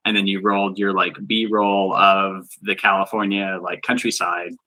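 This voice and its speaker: Bright-voiced male guest explaining tech. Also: deep voice, moderate pace, rough recording. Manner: relaxed, explanatory, uses "like" a lot. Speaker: podcast guest, live event designer. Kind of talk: casual chat.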